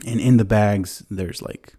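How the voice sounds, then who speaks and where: Low-voiced man rambling through a recap. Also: steady tone, a little slow, warm tone, breathy edge. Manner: rambling, many fillers, acts out quotes. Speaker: podcast host. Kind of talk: casual movie recap.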